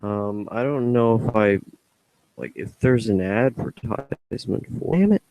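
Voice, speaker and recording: A young man talks to himself while editing, in a slow, low-key mumble. His voice is mellow and fairly low, and he hums idly between thoughts. The recording is dry and close, with no room sound. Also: gravelly, no echo. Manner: rambling, self-deprecating, hums to himself. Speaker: podcaster editing his show. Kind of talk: casual mumbled self-talk.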